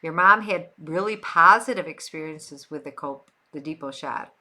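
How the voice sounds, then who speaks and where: Chatty older woman streamer, bright voice. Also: low voice, moderate pace. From Western New York. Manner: chatty, repeats phrases for emphasis. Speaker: livestream host. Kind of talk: casual chat answering viewers.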